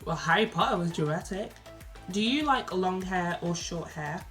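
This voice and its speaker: A young woman from Birmingham with a softened Brummie accent, chatting casually through a Q&A vlog, reading each question aloud and answering with lots of ums and likes. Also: lowish voice, expressive, moderate pace, soft background music. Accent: Birmingham English, softened. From Birmingham, England. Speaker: vlogger.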